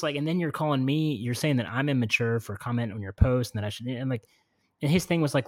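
A man in his twenties who hosts a podcast tells a story in casual chat, animatedly acting out what he and others said, with lots of fillers. His mid-range voice is fast, and the recording is dry.

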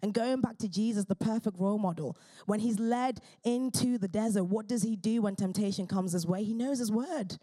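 Earnest woman preaching, mellow voice. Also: mid-range voice. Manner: earnest, fervent, with quick restarts. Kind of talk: sermon.

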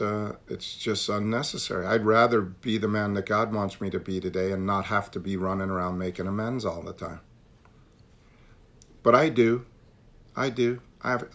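A man leads a recovery meeting over a call, speaking earnestly and repeating phrases to drive his points home. His voice is on the low side with a slightly bright tone.

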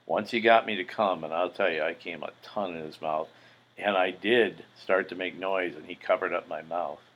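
Deep-voiced man rambling through a story. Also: fairly even intonation, normal speed, a bit bright, low-quality recording. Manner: rambling, profane, many fillers. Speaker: podcast host. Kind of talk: casual storytelling monologue.

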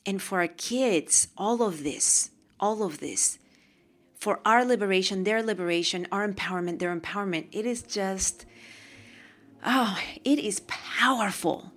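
A woman from Peru talking to camera about her own experiences, with animated, emotional storytelling. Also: medium pitch, a little slow. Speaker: host. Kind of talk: casual monologue to camera.

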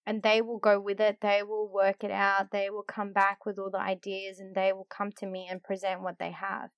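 A woman's voice: mid-range voice, monotone, moderate pace, no room sound, muffled recording. A middle-aged woman who leads in church, talking candidly and a little self-deprecatingly, rambling with fillers as she reflects. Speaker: church leader. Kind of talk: casual reflective talk.

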